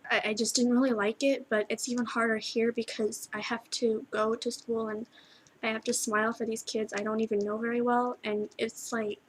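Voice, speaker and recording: A teenage girl recording a tearful video message to her best friend, halting and full of restarts as she cries. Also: fairly high pitch, little pitch movement, slight background noise, rough recording. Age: teens. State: crying. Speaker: vlogger.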